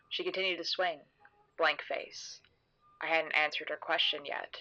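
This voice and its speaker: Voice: medium pitch, flat delivery, normal speed, pushed and bright, highs cut off. A narrator telling a horror mystery podcast story in the first person, in a sardonic, sarcastic manner.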